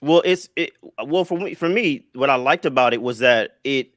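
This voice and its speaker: A man on a casual podcast panel, explaining his film rankings in a halting way, repeating words and leaning on fillers. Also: medium pitch, a bit bright, no echo, clean studio sound.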